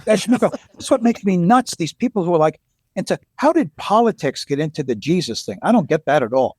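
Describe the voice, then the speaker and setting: A man talking as a guest author in a casual interview, animated, joking and blunt. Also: high voice, fairly quick, slightly rough, no echo, studio quality.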